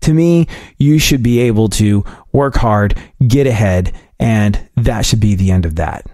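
Male talk-show host with a low, mellow voice and a dry studio mic, for casual animated storytelling. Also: measured pace, dry recording. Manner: animated anecdote-telling, quotes his dad in a lower voice.

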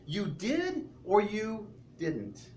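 A man's voice: high-pitched, huge pitch swings, very slow, a little mellow, slight background noise, pitched above the performer's own voice, heavily acted. A man voicing a blunt, no-nonsense male chef who presses someone with pointed questions. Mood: stern. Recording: roomy, distant church sound.

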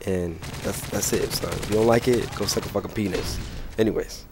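A young man with a sick, hoarse voice, ranting and swearing through casual gameplay commentary. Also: lowish voice, fairly quick, background noise. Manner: profane, ranting, frustrated. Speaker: gaming channel host.

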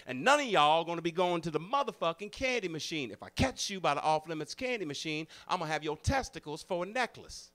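A menacing male drill sergeant barks crude threats at new recruits, put on by a man telling a story on stage. He is loud, rough and profane. The voice sits a little above the storyteller's normal speaking pitch. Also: expressive, quick pace, hardly any pauses. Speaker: comedian. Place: live comedy venue.

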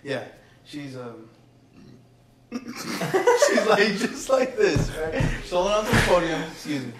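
A young man co-hosting a podcast, telling a school story in casual chat, excitable and laughing through it, with lots of filler words. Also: a little high, slow, distant mic. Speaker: podcast co-host. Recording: roomy echo, off-mic, crowd noise behind.

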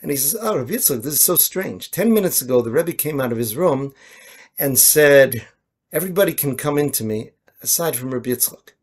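A man's voice: mid-range voice, lively intonation, fairly quick, breathy edge. A man, a rabbi, telling a story in a sermon and slipping into the voices of the people in it. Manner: storyteller voicing quoted characters, mixing Yiddish and Hebrew terms.

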